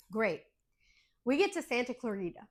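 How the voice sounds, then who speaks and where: A woman co-hosting a podcast, telling a story in casual chat with animated, dramatic retelling and some swearing. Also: on the high side, slow, vocal fry. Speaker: podcast co-host.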